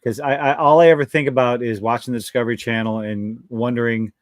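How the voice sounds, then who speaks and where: A man's voice: on the low side, fairly even intonation, moderate pace, dry recording, clean studio sound. A man from Louisiana hosting a casual livestream chat, cursing and mocking himself as he banters. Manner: profane, self-mocking banter. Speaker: podcast host.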